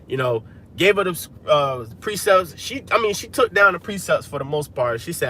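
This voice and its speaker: A man's voice: high-pitched, expressive, brisk, bright, forceful tone, a little hiss or hum. A man hosting a livestream, preaching in a casual, emphatic way and filling his lines with "man" and "hey". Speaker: livestream host preaching to viewers. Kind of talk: casual religious street-preaching talk. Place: inside a vehicle.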